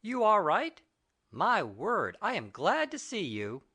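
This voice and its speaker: A woman voicing a tall, warm-hearted teenage schoolboy who speaks affectionately in an audiobook. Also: mid-range voice, wildly swooping pitch, takes it slowly, husky, full character voice. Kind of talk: full-cast audiobook reading.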